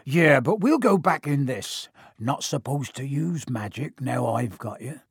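A man voicing a huge, gruff but kindly giant, talking in a hearty, folksy way for an audiobook. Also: lively intonation, unhurried, dry recording, clean studio sound. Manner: hearty, booming, folksy dialect. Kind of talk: audiobook character voice.

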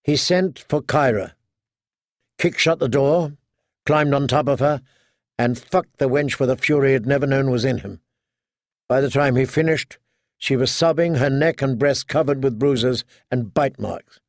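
A man narrating an audiobook in a slow, measured and somber storytelling voice. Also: medium pitch, no room sound, clean studio sound. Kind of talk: scripted narration.

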